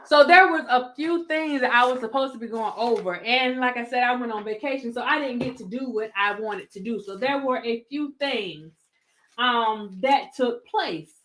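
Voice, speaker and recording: A woman's voice: a little high, moderate pace, a bit bright. A woman with a Southern American accent, hosting a casual commentary vlog, sassy and laughing often as she talks to her viewers. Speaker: YouTube commentary host.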